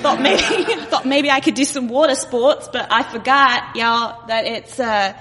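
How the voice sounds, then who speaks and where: A woman's voice: high voice, a little slow, long reverb tail, a crowd in the background. Woman doing a chatty Australian tourist. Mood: cheery. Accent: put-on Australian. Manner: chatty, shaky accent.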